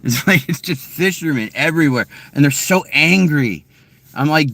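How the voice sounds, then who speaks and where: A man's voice: a little high, lively intonation, moderate pace, a bit bright, no echo. Crude, rambling guy. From Massachusetts. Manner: crude, rambling, laughing, swearing. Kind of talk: casual chat to viewers.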